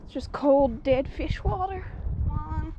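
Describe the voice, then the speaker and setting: A young woman chatting casually and excitably while magnet fishing at a lakeside dock in winter. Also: high voice, takes it slowly, muffled recording. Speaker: vlog co-host. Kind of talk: casual outdoor chat. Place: lakeside docks outdoors in winter. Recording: noisy outdoor recording.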